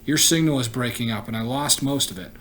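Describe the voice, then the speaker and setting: A man's voice: mid-range voice, a little fast, a bit bright, a little hiss or hum, lightly acted. A man playing a terse radio operator. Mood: businesslike. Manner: clipped, formal radio phrasing.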